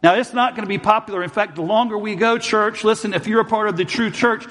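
A man's voice: high-pitched, quick pace, a bit bright. Storytelling male pastor in a reverberant church. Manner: storytelling, acting out both sides of arguments. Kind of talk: sermon.

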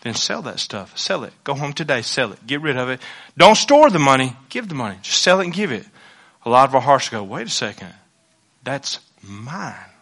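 A male pastor preaching a sermon to his church, swinging from loud exclamations to low, hushed asides. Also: sing-song, brisk.

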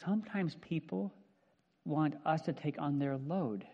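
A man in his fifties delivers a sermon in an easy, conversational way. He moves quickly between stories and asides, often checking in with the congregation. His voice sits slightly high, and the recording sounds dull and lo-fi. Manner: conversational, animated, frequent "right?" check-ins. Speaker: pastor.

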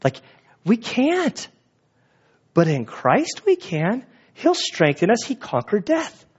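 A man's voice: sits high, wildly swooping pitch, slow pace, husky, dull audio. A male pastor preaching a sermon in a conversational, storytelling way, full of fillers and restarts.

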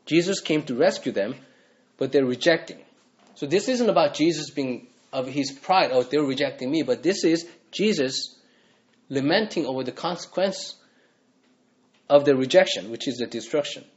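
A man's voice: fairly high pitch, animated, normal speed, dull audio. A male pastor preaching a sermon, earnest, pressing his listeners with repeated questions.

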